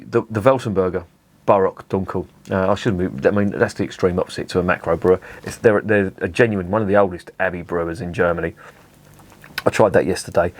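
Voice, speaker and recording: A man's voice: low voice, no room sound. A man reviewing beer in a vlog, ranting in a sweary, exasperated way and often restarting his sentences.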